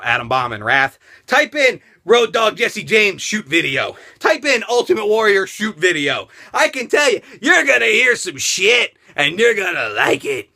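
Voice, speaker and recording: A man ranting in a profane, animated commentary vlog, talking straight to his subscribers. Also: high voice. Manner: addresses subscribers directly. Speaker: vlogger.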